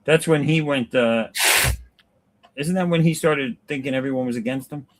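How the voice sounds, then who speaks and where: A man chatting casually as a co-host, easygoing, chuckling along and asking quick follow-up questions. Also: mid-range voice. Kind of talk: casual chat.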